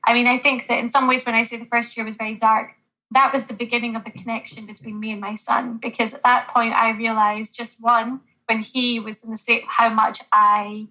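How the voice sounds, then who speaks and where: A woman's voice: a little high, flat delivery, fairly quick, pushed and bright, rough recording. A woman who works as a GP, speaking as a guest in a podcast interview, earnest and reflective, with hesitant restarts.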